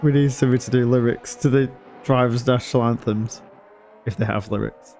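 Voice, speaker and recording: A man's voice: mid-range voice, steady tone, brisk, dark tone. A man commentating a sim racing league live in a casual, chatty way, often laughing and apologising.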